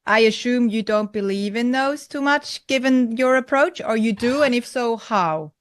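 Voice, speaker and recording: A woman's voice: fairly high pitch, moderate pace, dry recording, clean studio sound. A woman hosting an interview, asking her guest questions in a friendly, conversational way. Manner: conversational, laughs easily. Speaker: podcast host.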